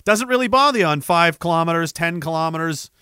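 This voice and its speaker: A young veteran tells a rough story in a casual, profane way, often laughing at himself. His voice sits high and bright. The sound is dry and close, with no room around it. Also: lively intonation, fast, no echo. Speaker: military veteran telling a story.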